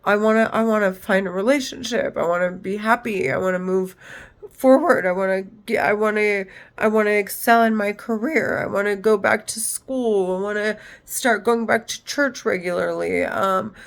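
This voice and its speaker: A woman's voice: medium pitch, steady tone, moderate pace, vocal fry. A woman and mother talking to camera in an agitated, rambling personal monologue, swearing heavily and restarting often. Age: adult, mother of children. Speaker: vlogger.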